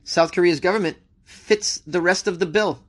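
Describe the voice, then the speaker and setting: An American man hosts a news show in a high-pitched, somewhat bright voice at normal speed. He reads stories aloud and talks back to them with wry jokes, keeping the commentary casual.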